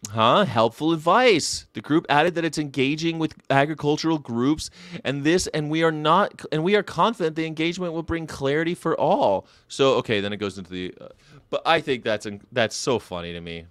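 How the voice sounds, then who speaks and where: A man hosting a casual livestream commentary, animated and swearing, with sudden loud outbursts. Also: a little high, moderate pace, dry recording. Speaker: host.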